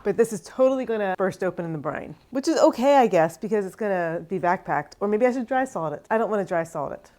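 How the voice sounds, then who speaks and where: A woman's voice: mid-range voice, expressive, fast, few pauses, darkish tone. Chatty exasperated woman vlogging. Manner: chatty, exasperated, self-mocking. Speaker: cheesemaking channel host. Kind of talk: casual kitchen vlog talking to camera. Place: home kitchen.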